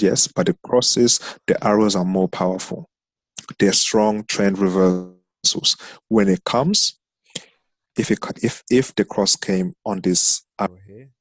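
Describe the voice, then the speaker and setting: Deep-voiced man teaching a trading lesson. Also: no room sound. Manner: explains step by step, counting candles aloud. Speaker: trading instructor. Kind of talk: screen-share trading lesson.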